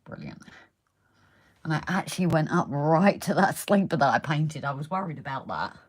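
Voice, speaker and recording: Woman, deep voice, chatty live-stream host, losing her voice, reads viewer comments. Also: expressive, normal speed. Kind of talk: casual live stream chat while modelling. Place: indoors at a model railway layout.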